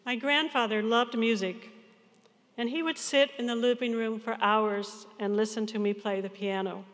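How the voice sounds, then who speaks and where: A woman in her sixties, a pastor, giving an earnest, measured sermon to her congregation. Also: on the high side, steady tone, a bit bright, long reverb tail. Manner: earnest, measured farewell address.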